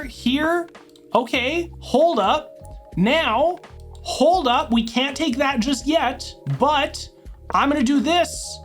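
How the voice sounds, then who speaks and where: A woman commentating her own online chess game as she plays, thinking aloud move by move with dramatic outbursts. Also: on the high side. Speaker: chess streamer. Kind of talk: live commentary while playing online chess.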